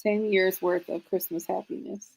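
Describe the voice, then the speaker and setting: A woman's voice: mid-range voice, little pitch movement, normal speed, creaky, a little hiss or hum, low-quality recording. A woman, co-hosting a casual livestream, chatty and laughing often as she greets viewers by name. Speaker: livestream co-host.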